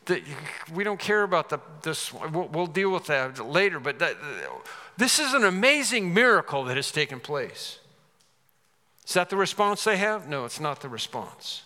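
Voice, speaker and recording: Man, preacher, sermon, emphatic, bright voice, reverberant church hall. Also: a little high, big pitch swings, normal speed. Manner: earnest, emphatic, with restarts and sudden rises.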